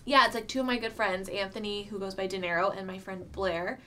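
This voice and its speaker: A woman's voice: mid-range voice, flat delivery, brisk, sharp tone. Chatty young woman, light background hiss. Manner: chatty, filler-heavy, trailing off. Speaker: podcast guest. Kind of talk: casual interview chat.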